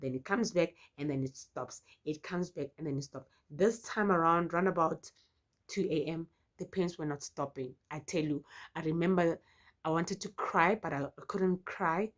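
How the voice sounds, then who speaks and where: A South African woman with a South African accent telling a personal story in a casual vlog, expressive and full of exclamations. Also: sits low, moderate pace. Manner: expressive, exclamatory, frequent "yo" interjections. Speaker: YouTuber.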